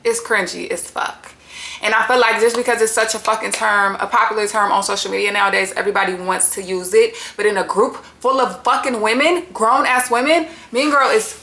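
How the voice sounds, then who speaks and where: A woman's voice: a little high, fairly even intonation, moderate pace, gravelly, sharp tone. Blunt, cursing woman recapping reality TV. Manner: blunt, exasperated, heavy cursing. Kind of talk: casual profane recap commentary. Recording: echoey room.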